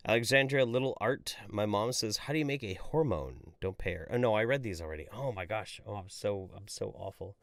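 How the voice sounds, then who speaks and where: A man's voice: on the low side, brisk, gravelly, hardly any pauses, no echo, clean studio sound. A man hosting a live stream, reading chat messages aloud in a jokey, casual way and swearing freely.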